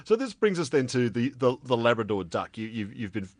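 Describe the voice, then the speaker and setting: A man's voice: medium pitch, sing-song, fairly quick, dry recording, clean studio sound. Aussie guy interviewing, asks curious questions with some stumbles, voice moves around a lot. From Australia. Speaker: radio interviewer. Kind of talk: casual interview talk.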